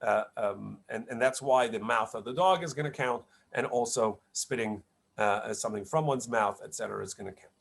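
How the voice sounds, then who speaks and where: Halting rabbi teaching a Talmud page. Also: male voice, mid-range voice, creaky, breathy edge. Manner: explanatory, halting with many fillers and restarts. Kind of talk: online Talmud lecture. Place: home setup, online class.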